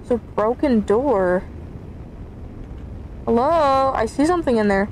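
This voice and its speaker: A woman's voice: on the high side, expressive, a little slow, darkish tone, a little hiss or hum, low-quality recording. A woman streaming a horror game, chatting to viewers and easily scared as she plays. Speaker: gaming YouTuber. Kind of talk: let's play commentary.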